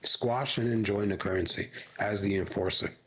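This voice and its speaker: A man co-hosting a podcast in casual chat, relaxed and a bit hesitant with dry humor. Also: on the low side, normal speed, breathy edge, low-quality recording. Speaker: podcast co-host.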